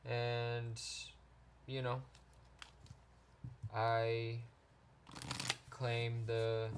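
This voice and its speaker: Man, tarot reader; slow, even delivery, low and flat, halting gentle phrasing. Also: a little hiss or hum. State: choked up, near tears. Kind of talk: pick-a-card tarot reading.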